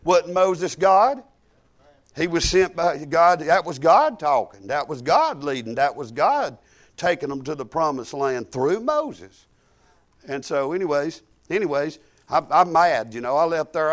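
Folksy preacher, slightly high voice. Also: male voice. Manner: folksy, conversational, chuckling. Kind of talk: storytelling sermon.

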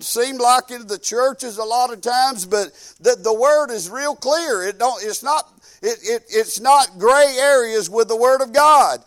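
A man preaching a sermon in a folksy, fervent way, dropping from loud proclaiming to quiet musing. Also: very high voice, a little slow. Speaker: pastor.

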